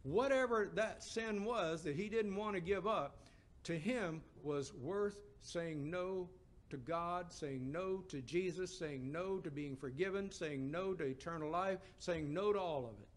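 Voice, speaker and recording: A middle-aged man preaching a sermon, asking the congregation emphatic questions and dropping to a hushed voice for stories. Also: high-pitched, measured pace.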